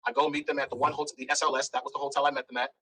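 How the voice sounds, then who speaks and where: A man's voice: mid-range voice, racing, husky, low-quality recording. A man speaking as an interview guest, telling a blunt, candid story and acting out the dialogue. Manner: blunt, animated, acts out dialogue.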